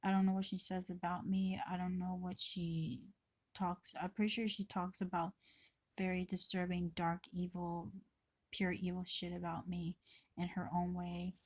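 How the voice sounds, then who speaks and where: Rambling woman vlogger with a flat, dry voice. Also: lowish voice, moderate pace, no room sound. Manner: rambling, swears freely, restarts often. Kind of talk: rambling confessional vlog. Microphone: camera mic.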